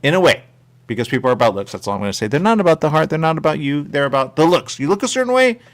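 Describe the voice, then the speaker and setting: A man's voice: a little high, very fast. A male radio show host chatting casually and rambling, repeating his catchphrases. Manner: repetitive, animated, catchphrase-heavy. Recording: radio studio mic.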